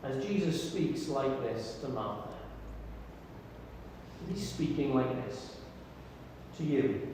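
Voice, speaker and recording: A man's voice: medium pitch, sing-song. Far-off echoey preaching man. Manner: earnest, intimate preaching with soft pauses. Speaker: pastor. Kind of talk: sermon. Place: church hall. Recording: echoey hall from far off, faint noise.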